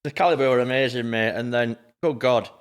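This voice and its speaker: Matey podcast host asking questions. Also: male voice, mid-range voice, fairly quick, clear, resonant tone. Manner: friendly, matey prompting questions. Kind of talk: casual interview.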